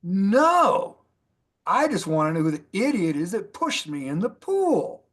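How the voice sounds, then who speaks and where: A man voicing an exasperated young man who just escaped crocodiles, flat and indignant. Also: sits high, unhurried, heavily acted.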